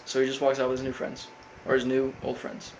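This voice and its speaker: Guy rambling thru an episode recap, monotone, lots of um and you know, faint hiss behind. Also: medium pitch, a little fast, low-quality recording. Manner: rambling, full of fillers, quotes characters flatly. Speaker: recap host.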